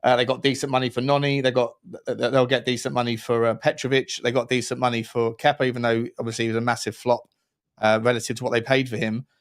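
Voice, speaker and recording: A man co-hosting a football talk livestream, chatty and upbeat, with blunt opinions and quick shout-outs to viewers. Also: mid-range voice, level tone. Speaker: co-host.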